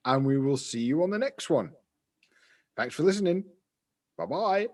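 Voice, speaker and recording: A man's voice: on the high side, lively intonation, moderate pace, a little mellow. A man co-hosting a podcast in rambling, chatty, self-deprecating casual talk. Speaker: podcast co-host. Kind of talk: casual chat.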